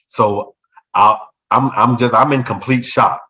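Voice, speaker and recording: Male, former principal recounting a personal story in conversation; animated delivery, mid-range voice, slips into others' voices. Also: medium pitch, unhurried, poor audio. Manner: animated, acts out other people's voices in quotes. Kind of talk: storytelling in a talk show conversation.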